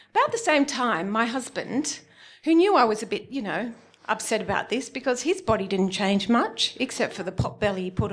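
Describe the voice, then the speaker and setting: A woman with an Australian accent telling a self-mocking comic story on stage at a live event. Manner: animated, self-mocking, with big swoops into high exclamations.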